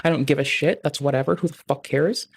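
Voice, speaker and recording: A man's voice: fairly high pitch, fairly even intonation, fairly quick, vocal fry, breathy edge. A young adult man streaming live, chatting casually in a rambling, profanity-heavy way.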